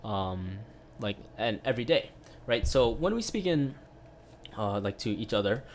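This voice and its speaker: A man's voice: lowish voice, expressive, a little slow, slight background noise. A man giving a casual online piano lesson, explaining step by step with lots of "right?" tag questions and filler sounds. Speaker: piano teacher.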